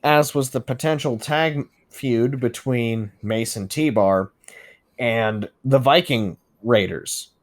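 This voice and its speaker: A man co-hosting a podcast, chatting casually and profanely about wrestling, laughing and riffing on jokes. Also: medium pitch. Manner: excitable, profane, quick to laugh and riff. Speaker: podcast co-host. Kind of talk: casual wrestling recap chat.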